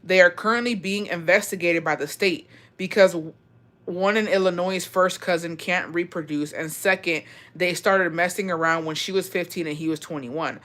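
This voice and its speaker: A woman's voice: lowish voice, fairly even intonation, normal speed, a bit bright. A young woman from Texas in her twenties, chatting emotionally and swearing freely as she reacts to viewer stories. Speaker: host reading viewer stories. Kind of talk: casual chat.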